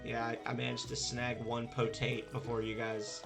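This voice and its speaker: Gravelly guy hosting a game stream, hyped and swearing, faint game music behind. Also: mid-range voice, moderate pace. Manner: excitable, swears casually. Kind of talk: casual gaming stream chat.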